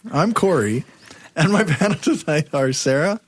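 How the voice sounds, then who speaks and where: A man hosting a podcast panel in an upbeat, relaxed way. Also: on the high side, normal speed, slightly rough. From Canada. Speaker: podcast host. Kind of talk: casual chat.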